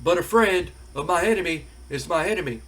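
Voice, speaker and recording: A man putting on a brash male wrestler who taunts loudly, drawling and stammering. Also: fairly high pitch, lively intonation, fairly quick. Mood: taunting.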